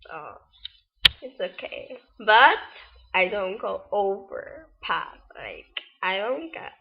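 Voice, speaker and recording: Teen girl, 18, casual vlogger, slow and rambling with lively ups and downs, a little husky fry. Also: medium pitch. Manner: chatty, rambling, with many fillers and laughs. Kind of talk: casual storytelling vlog. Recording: lo-fi webcam audio.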